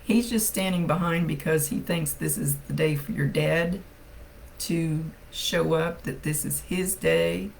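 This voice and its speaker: A woman's voice: low voice, steady tone, measured pace, creaky, slight background noise, poor audio. A woman working as a psychic medium, giving a casual live-streamed reading. She talks bluntly, thinks aloud and swears freely.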